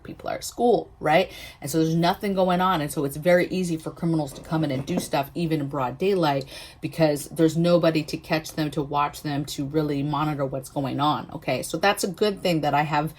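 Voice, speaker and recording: A woman with a deep-set, low voice talks straight to camera for her prepping vlog. She tells her story casually and with animation, punctuating points with emphatic rhetorical asides. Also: darkish tone. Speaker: prepping vlogger.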